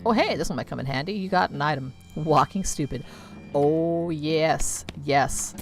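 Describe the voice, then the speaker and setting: A woman's voice: deep voice, normal speed. A woman streaming a video game, reading its text aloud with playful, wry asides in casual commentary. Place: home streaming setup. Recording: game music playing behind the voice.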